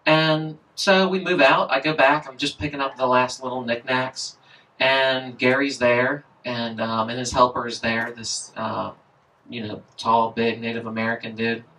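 A man's voice: medium pitch, fairly even intonation, measured pace, sharp tone, a little hiss or hum. A man telling a story from memory at a live reading, in a casual, rambling, profane way with lots of fillers. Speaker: author performing at a reading. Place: indoor live reading event. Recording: voice picked up from far off.

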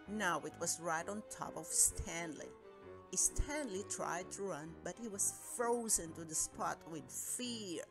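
A woman reading a children's storybook aloud at an unhurried pace, letting her voice rise and fall with the story. Soft music runs faintly underneath her. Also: mid-range voice. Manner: gentle, expressive storytelling. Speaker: storybook reader. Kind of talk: children's read-aloud narration.

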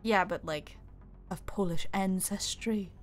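A playful woman chats casually while playing a strategy game on a live stream, laughing often and teasing her co-host. Her voice sits at an ordinary mid pitch. Faint music runs underneath. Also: a little slow. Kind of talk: casual live-stream chat over gameplay.

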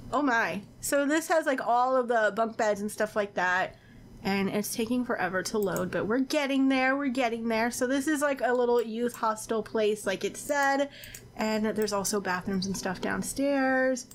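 Excitable woman gushing over a video game, kinda high voice, lots of gasps. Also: moderate pace, slight background noise. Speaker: Sims gameplay YouTuber. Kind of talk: casual gameplay commentary.

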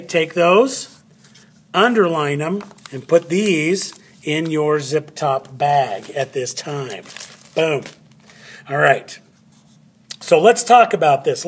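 A male teacher walks a class through a phonics lesson, speaking slowly and saying words over and over to stress a syllable. His voice is a little husky, and he now and then moves away from the mic while he writes. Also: a little high. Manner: slow, drawn-out words, spelling letters aloud.

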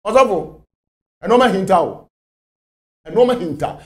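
Animated high-voiced Ghanaian man preaching. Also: a little slow, long pauses. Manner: animated, emphatic, repeats phrases. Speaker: spiritual leader. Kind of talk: interview answers.

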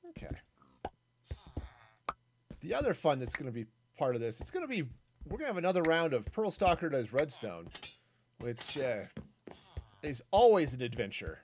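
A man's voice: mid-range voice, a little mellow, slight background noise. A man streaming a game solo, giving casual, rambling commentary as he builds, thinking aloud with self-mocking jokes and asides.

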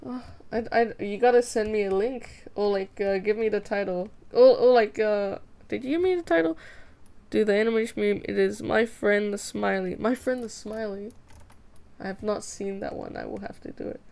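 A woman's voice: mid-range voice, normal speed, gravelly, warm tone. A young woman chatting casually with viewers while drawing on a live stream, playful, giggly and self-mocking. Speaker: streamer drawing fan art.

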